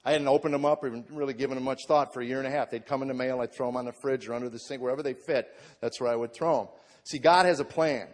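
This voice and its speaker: A middle-aged man, a comedian, tells the story of his faith to an audience, often repeating words at the start of his sentences and moving from a low, subdued tone to shouted excitement. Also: very fast, long reverb tail. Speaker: comedian giving a testimony.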